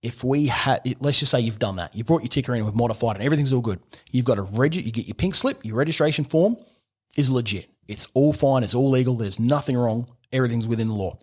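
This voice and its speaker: Australian man explaining, rambling and animated. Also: mid-range voice, fast talker, husky. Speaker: gunsmith guest. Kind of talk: casual podcast chat.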